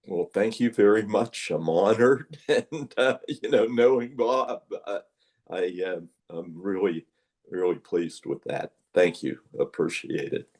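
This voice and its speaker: A man's voice: fairly low pitch, animated, unhurried, a little mellow. An older man receiving an award on a video call, giving brief, humble replies with hesitations. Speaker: award recipient.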